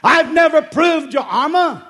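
A man's voice: extremely high pitch, animated, measured pace, bright, forceful tone, voice pushed up, exaggerated voice. A male preacher voicing a young shepherd boy, declaiming his lines with bold conviction. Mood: defiant.

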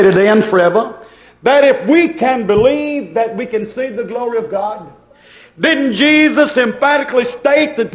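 A man preaching a sermon with fervent delivery, his volume rising and falling. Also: extremely high pitch. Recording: echoey hall.

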